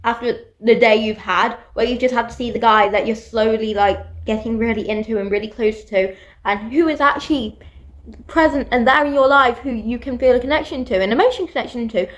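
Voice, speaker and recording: A British woman with a bright, high voice recapping a book she is reading. She chats casually and tells the story in an animated, fast-moving way, breaking in with quick asides. Her tone stays lively and conversational throughout. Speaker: book vlogger.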